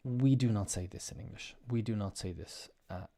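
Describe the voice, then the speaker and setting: A man's voice: fairly low pitch, moderate pace, mellow. A man teaching English in a casual spoken lesson. He explains patiently and repeats example phrases with strong intonation. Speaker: podcast host.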